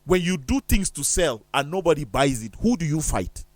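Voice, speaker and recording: A man's voice: on the high side, sing-song, normal speed, no room sound. A man talking on a studio discussion show in an emphatic, preacherly way, firing off rhetorical questions.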